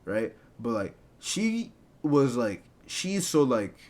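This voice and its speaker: A man's voice: mid-range voice, very animated, takes it slowly, a little mellow. A young man casually telling a personal story to a live chat, rambling and filling with "right?" and "like". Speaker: storyteller streamer.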